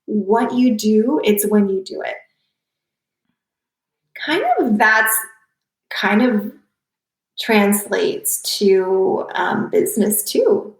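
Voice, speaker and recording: Slow, gravelly-voiced woman guest. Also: medium pitch, echoey room, poor audio. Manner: reflective, measured, repeats key phrases. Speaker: podcast guest. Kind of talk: casual conversation.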